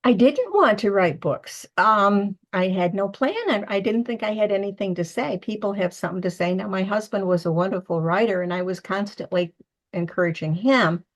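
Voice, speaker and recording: A woman's voice: medium pitch, normal speed. Older woman telling a heartfelt story. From United States. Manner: emotional, animated storytelling with acted-out quotes. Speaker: medium and author, interview guest. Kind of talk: casual storytelling interview. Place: home living room.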